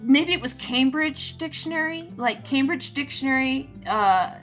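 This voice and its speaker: A woman chatting casually on a podcast, musing and halting as she searches for words. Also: high voice, fairly bright tone, faint music behind. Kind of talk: casual chat.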